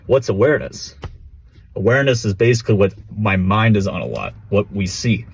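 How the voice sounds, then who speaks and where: A man's voice: on the low side, very animated, a little fast, creaky, husky. A man vlogging casually to camera, rambling with restarts and calling people "bro", recorded without a proper mic. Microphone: built-in camera or phone mic.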